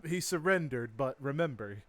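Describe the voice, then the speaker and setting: A man's voice: medium pitch, expressive, moderate pace, a bit bright, no room sound. Laid-back man running a tabletop game. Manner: laid-back, chuckling, thinks aloud. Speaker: dungeon master.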